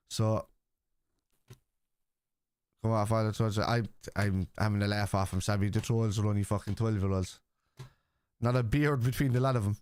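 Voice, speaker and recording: On a live football stream, a man with a slightly mellow mid-range voice answers viewers in casual chat, recorded with no echo. He's blunt, argumentative, and swears freely.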